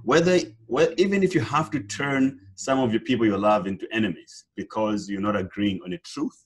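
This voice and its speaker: A man's voice: on the low side, a little fast. A man in his twenties from Africa, a podcast guest speaking bluntly and emphatically in a casual interview. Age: 20s.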